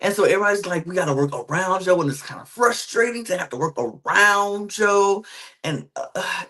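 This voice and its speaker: A woman co-hosting a podcast, casually recapping a TV episode, quoting the people in it in quick acted asides and giving emphatic, exasperated opinions. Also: lowish voice, lively intonation, a bit bright. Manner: chatty, quotes contestants in quick acted asides. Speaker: podcast co-host.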